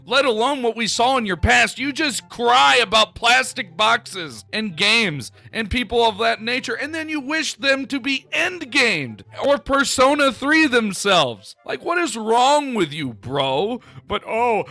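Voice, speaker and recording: A man's voice: very high-pitched, big pitch swings, a little slow, vocal fry, few pauses, pushed and bright. A man streamer ranting angrily and sarcastically, swearing often as he answers a critic. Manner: profane, heated, sarcastic. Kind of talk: angry reaction rant.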